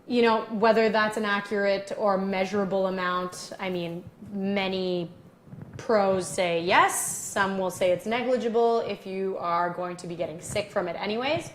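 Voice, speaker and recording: A woman's voice: medium pitch, slight background noise. Naturopathic doctor woman in a roomy studio. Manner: explanatory, animated, reads viewer comments. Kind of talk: live-streamed health debate.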